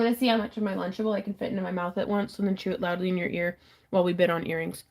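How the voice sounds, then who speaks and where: A woman's voice: lowish voice, flat delivery, racing, a little mellow. Woman host, chatty and giggly, pokes fun at herself. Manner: giggly, self-deprecating, chatty. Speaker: host of a live jewelry auction stream. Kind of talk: casual live-stream chat.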